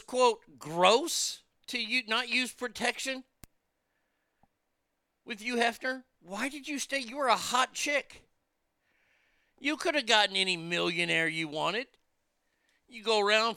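A man's voice: high voice, pushed and bright, clean tone, no room sound, clean studio sound. A man hosting a podcast, delivering a blunt, profane, exasperated opinion rant. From United States.

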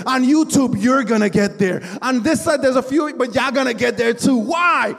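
A man's voice: extremely high pitch, moderate pace, gravelly, few pauses, a bit bright. A male pastor preaching a sermon in a church, with impassioned, repetitive calls to the congregation. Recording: long hall reverb.

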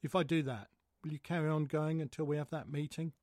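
A man's voice: fairly high pitch, steady tone, a little fast, darkish tone, dry recording, clean studio sound, voice pushed up, natural voice. A man voicing a pushy, pleading female care agency coordinator who coaxes and wheedles. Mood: coaxing. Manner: coaxing, wheedling.

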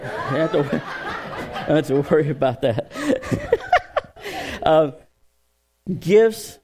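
Joking storytelling pastor. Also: male voice, on the high side. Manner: joking, storytelling, lively crowd work. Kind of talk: sermon. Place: church.

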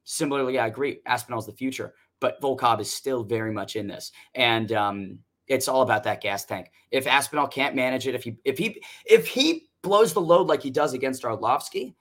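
A man's voice: medium pitch, a little fast, few pauses, a bit bright. Brash man making fight picks. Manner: loose, confident, swears freely. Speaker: co-host picking fights. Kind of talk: casual sports predictions chat.

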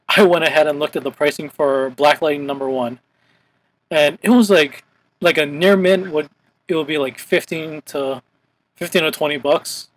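A man's voice: fairly high pitch, rough recording. A young man from Hawaii hosting a casual podcast chat, rambling with lots of "like" fillers. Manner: rambling, heavy use of "like" as filler. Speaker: podcast host.

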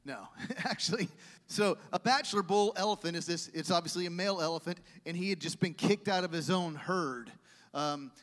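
A male pastor preaching a sermon with animated storytelling and asides to the congregation. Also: sits high, moderate pace. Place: church sanctuary. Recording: long church hall reverb.

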